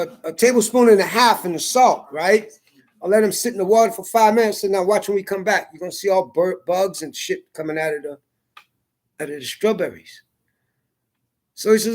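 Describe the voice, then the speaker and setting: Rambling man with a high voice. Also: a little mellow. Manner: rambling, profane, repeats words. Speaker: vlogger. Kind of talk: casual monologue.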